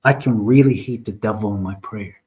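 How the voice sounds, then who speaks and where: Husky, mellow-voiced man preaching online. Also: lowish voice, a little fast. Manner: argumentative, mocking, talks straight to viewers; quotes Arabic verses mid-speech. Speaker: online religious host. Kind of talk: live online religious talk answering chat.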